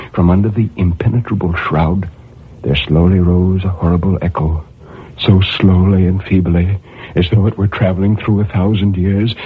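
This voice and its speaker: Radio drama: a tormented imprisoned murderer, husky, intense, brooding to anguished; old tinny broadcast sound. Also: male voice, low voice. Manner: intense, surging from brooding murmurs to anguished cries. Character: tormented male murderer pacing his prison cell.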